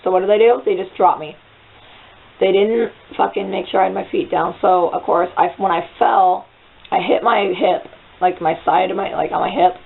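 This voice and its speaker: Gravelly young woman, rambling and profane. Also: mid-range voice, noisy background. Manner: rambling, profane, excitable retelling. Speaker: vlogger. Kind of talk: casual storytelling. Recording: phone-like narrow sound.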